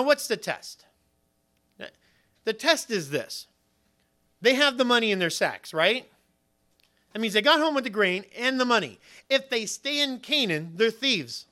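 A man preaching a sermon, retelling scripture with lively storytelling and acted-out voices. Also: high voice, normal speed, pauses often.

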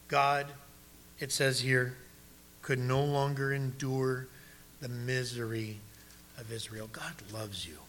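Bright-voiced man preaching a sermon. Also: medium pitch. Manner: preaching, direct questions to the congregation. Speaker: pastor.

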